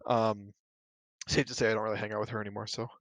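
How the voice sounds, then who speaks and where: A man's voice: fairly low pitch, little pitch movement, fast talker, a bit bright, dry recording. A man hosting a casual solo podcast, talking bluntly and profanely, working himself into heated rants full of "you know" and "like.". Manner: loose talk with fillers like "you know" and "like". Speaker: podcast host.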